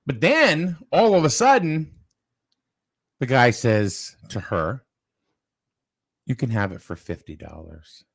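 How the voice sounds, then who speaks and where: A man hosting a casual local talk show, telling an animated story and repeating "I said" as he goes. He is from Eastern Connecticut. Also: medium pitch, takes it slowly, gravelly, pauses often. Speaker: host.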